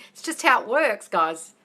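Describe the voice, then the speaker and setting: A woman answering viewers' questions on a live phone stream, talking fast and bluntly, swearing and calling everyone darling. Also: mid-range voice, big pitch swings, bright, forceful tone. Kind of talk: casual live Q&A.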